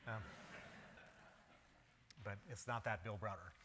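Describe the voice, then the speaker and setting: A man's voice: on the low side, slow pace, noisy background. A man in his fifties with an American accent, telling his story in a public lecture with a wry tone and many ums. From United States. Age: 50s. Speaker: guest lecturer. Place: lecture hall. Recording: reverberant lecture hall.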